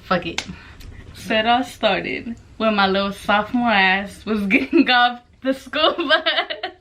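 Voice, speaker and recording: A brash, profane young woman tells her story in a casual vlog, her voice bright and forceful. She jumps between loud exclamations and hushed asides over a faint hiss in the background. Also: mid-range voice. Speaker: vlogger.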